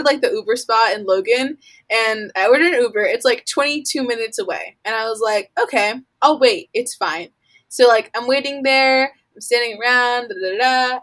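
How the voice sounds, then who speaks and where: A woman's voice: a little high, fairly bright tone, rough recording. Young woman, college-age, from Florida; casual rambling storyteller, heavy "like" filler, plays out her own reactions. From Florida, USA. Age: young adult. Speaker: college student guest.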